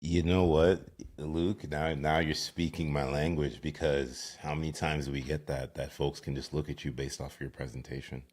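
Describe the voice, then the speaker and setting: A man hosts a casual podcast interview, his voice among the lowest and deepest a man has. He talks expressively and jumps way up in pitch when he tells a story. He is heard over a video call. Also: normal speed, hardly any pauses. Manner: expressive, swoops high when telling stories. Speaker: podcast host.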